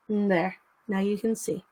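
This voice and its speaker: A young woman chats on her livestream in a loose, rambling way, now and then cooing baby talk at her dog. Her voice sits at an ordinary middle pitch. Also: dark tone, no echo. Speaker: livestream host. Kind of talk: casual livestream chat.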